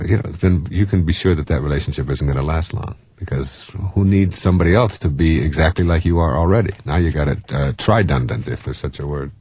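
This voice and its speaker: Deep husky-voiced man giving a motivational talk. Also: fast talker, no echo. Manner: animated, jumps into mimicking voices; chuckles while telling jokes. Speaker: self-help speaker.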